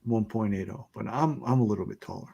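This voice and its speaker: A man's voice: lowish voice, quick pace, creaky, warm tone, slightly rough, dull audio. A laid-back man from Texas co-hosting a podcast, chatting casually and joking. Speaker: podcast co-host. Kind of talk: casual chat.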